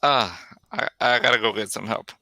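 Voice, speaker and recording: A man's voice: fairly low pitch, normal speed, creaky, pushed and bright. A man playing a tabletop game, joking and laid-back in casual banter. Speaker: player.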